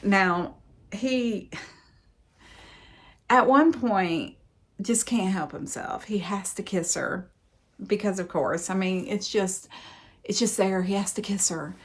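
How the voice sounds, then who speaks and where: A woman's voice: mid-range voice, fairly bright tone. A woman recapping a romance novel as host of a book show, with wry, sarcastic asides and dramatic emphasis. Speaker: book reviewer and podcast host.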